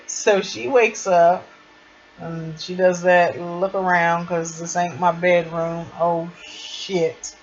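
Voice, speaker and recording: A woman's voice: fairly low pitch, fairly even intonation, slow pace. Chatty woman recapping a TV episode, lo-fi. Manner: chatty, gushing fan retelling of scenes. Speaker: TV episode reviewer. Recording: dull lo-fi sound with faint noise.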